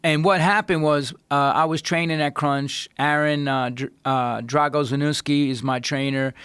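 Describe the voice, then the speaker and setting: Profane New storyteller. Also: male voice, medium pitch, smooth, no echo. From New York. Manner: profane, animated, swings his voice up for quotes. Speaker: podcast guest. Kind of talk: casual storytelling. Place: podcast studio.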